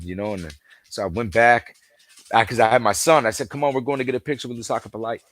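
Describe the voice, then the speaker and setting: On the low side and fast, a man appears as a podcast guest who loves football. His casual chat is full of rambling stories, acted-out dialogue, and heavy use of "you know."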